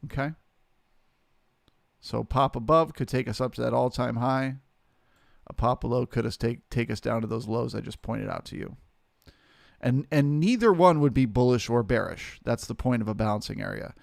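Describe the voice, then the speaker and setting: A man hosting a live trading stream, talking through the market in a relaxed, chatty way and greeting viewers by name. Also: mid-range voice, moderate pace, creaky, dry recording, studio quality.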